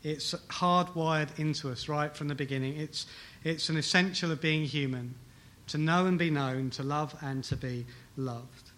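A man preaching a sermon with a bright, forceful voice set a little high. He leans on key phrases and repeats them. He often asks the room rhetorical questions. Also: fairly even intonation, normal speed. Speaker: pastor. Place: church hall with congregation.

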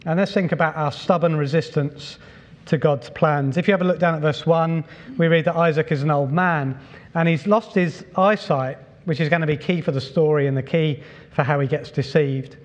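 A middle-aged man preaching a sermon as pastor, relaxed and conversational, with many fillers and repeats. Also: fairly high pitch, normal speed. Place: church hall. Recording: long reverb from a large hall.

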